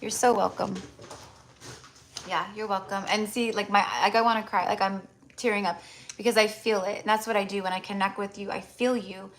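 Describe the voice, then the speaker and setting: A woman hosts a casual live tarot stream and talks straight to her viewers. She is chatty and affectionate and leans on "like" as a filler. Her pitch sits in a middle range for a woman. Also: steady tone, fairly quick. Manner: chatty, heavy use of "like" fillers; affectionate, addresses viewers as "my love".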